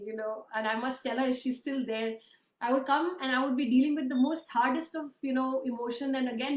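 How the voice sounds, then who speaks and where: A woman in her late thirties with a high voice hosts a heartfelt interview. She talks expressively and emphatically, sharing her own stories. She sits some way off the mic in an echoey room. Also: recorded from a distance. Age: 30s. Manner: expressive, emphatic, quick to agree. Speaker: host and book author. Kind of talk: casual interview conversation.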